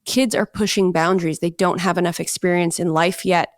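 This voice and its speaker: A woman's voice: on the low side, fairly even intonation, brisk, dry recording. Woman in her thirties, from Long Island, frank and emphatic, dry close sound. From Long Island, New York. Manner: blunt, candid and emphatic, with frequent "like". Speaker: actress guest on a gaming podcast. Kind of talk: casual interview chat.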